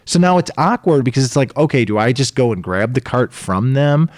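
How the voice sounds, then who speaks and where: A middle-aged man telling a story in casual chat, animated and acting out the voices of the people in it. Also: mid-range voice, brisk, no echo, studio quality. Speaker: podcast co-host telling a story.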